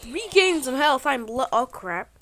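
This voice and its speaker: A woman giving excitable, slangy commentary over her own gameplay, bursting into exclamations. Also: high-pitched, a little slow, a little hiss or hum. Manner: playful trolling banter, slangy. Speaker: gaming channel host.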